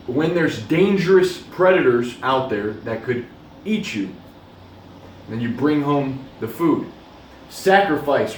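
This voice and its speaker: A man's voice: on the high side, a little hiss or hum. Earnest young man giving a pep talk, roomy sound. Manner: earnest, exhortative, with casual swearing. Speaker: motivational vlogger. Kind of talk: motivational monologue. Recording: roomy, distant from mic.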